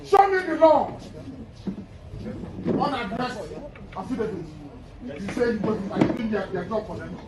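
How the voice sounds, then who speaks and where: A man, a defendant shouting defiantly in a crowded courtroom, repeating his protests over and over. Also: high-pitched, animated, measured pace, pauses often. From Nigeria. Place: busy courtroom. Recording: echoey, distant, with crowd noise.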